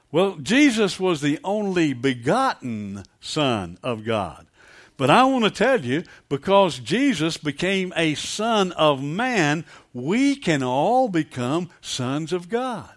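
A man's voice: on the high side, sing-song, takes it slowly. A man preaching a sermon, calling on the congregation for amens and building to emphatic peaks. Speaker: pastor.

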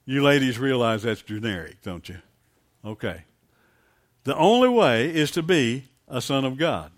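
A man's voice: mid-range voice, sing-song, measured pace. A man preaching a sermon, calling on the congregation for amens and building to emphatic peaks. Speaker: pastor.

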